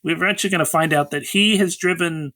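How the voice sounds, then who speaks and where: Male co-host, relaxed plot recap, slightly higher voice, bright tone. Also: quick pace. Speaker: podcast co-host. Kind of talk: casual movie review chat.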